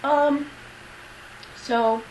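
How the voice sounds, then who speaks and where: A woman's voice: high voice, steady tone, extremely slow, a little mellow, a little hiss or hum, rough recording. A young woman talking casually to her camera, rambling and self-deprecating with lots of fillers and swearing. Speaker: vlogger. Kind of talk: casual confessional vlog.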